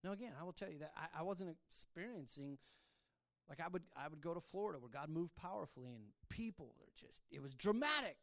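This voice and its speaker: Animated male preacher telling his testimony. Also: fairly high pitch, a little fast, vocal fry. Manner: animated storytelling, swinging from hushed to loud. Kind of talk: sermon testimony.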